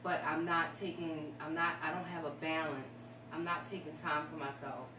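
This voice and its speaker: A woman's voice: low-pitched, flat delivery, normal speed. A woman guest on a talk show, speaking candidly and emotionally about her life, a bit rambling. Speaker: guest sharing her story. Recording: echoey room, distant mic, noisy.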